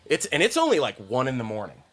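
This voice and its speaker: Male comic, raunchy excitable storyteller, lively swooping delivery. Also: mid-range voice, fast talker. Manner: profane, excitable, peppers story with "like" and "okay?". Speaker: stand-up comedian guest. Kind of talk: podcast storytelling.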